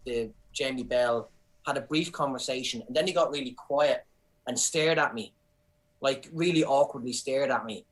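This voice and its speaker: A man with an Irish accent, a comedian and actor chatting on a podcast, telling lively anecdotes with frequent restarts. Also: medium pitch, rough recording. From Ireland. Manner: animated storyteller, many restarts. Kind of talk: casual podcast chat.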